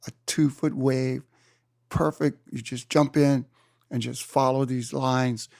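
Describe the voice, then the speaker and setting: A man in his seventies from Hawaii, an interview guest telling surf stories in an animated way and acting out his own exclamations. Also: medium pitch, slow, gravelly, no echo, clean studio sound. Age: 70s. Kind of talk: storytelling in a conversation. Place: room.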